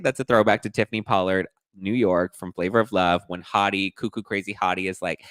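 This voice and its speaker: A man hosting a podcast and dishing gossip in a sassy, animated way, acting out quotes in different voices. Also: deep voice, quick pace, few pauses, no echo. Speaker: podcast host. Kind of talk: casual gossip commentary.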